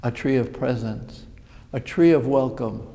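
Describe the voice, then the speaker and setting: A Jesuit priest giving a sermon in a church, speaking in slow, reflective phrases. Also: male voice, mid-range voice, vocal fry, dark tone. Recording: long reverb of a large hall.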